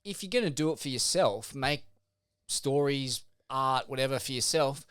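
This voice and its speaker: A man's voice: medium pitch, normal speed, a bit bright, smooth, no echo, studio quality. A man with an Australian accent co-hosting a podcast, rambling in crude, laid-back chat. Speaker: podcast co-host.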